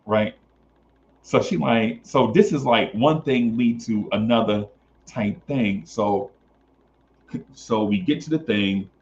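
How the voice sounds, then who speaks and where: A man's voice: fairly low pitch, slow, long pauses, dull audio, a little hiss or hum. A man casually telling a long story on a podcast, swearing and acting out the other voices. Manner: animated, swears, acts out voices.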